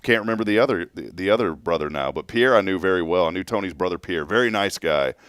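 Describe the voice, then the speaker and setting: A man co-hosting a talk show, telling anecdotes in an animated way and laughing often. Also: sits low, quick pace, smooth, no room sound, clean studio sound. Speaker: radio show co-host. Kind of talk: casual on-air chat.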